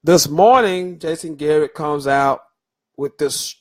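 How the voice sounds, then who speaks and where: A middle-aged man with a fairly high voice speaks slowly as he hosts a solo sports talk podcast. He's loose and opinionated, filling gaps with fillers and stumbling while reading through lists.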